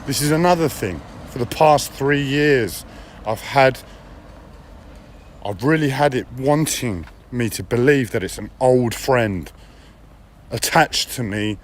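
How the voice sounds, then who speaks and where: A man's voice: medium pitch, slow pace, a little hiss or hum. A man streaming live, talking in a blunt, profane personal monologue with repeated phrases and a whiny edge.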